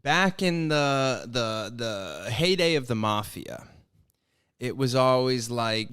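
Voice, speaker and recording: A man with a mid-pitched voice co-hosting a casual podcast. He rambles and riffs freely, swearing often. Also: animated, slow, fairly bright tone, clean tone. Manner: rambling, profane, riffing. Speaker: podcast co-host. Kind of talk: casual chat.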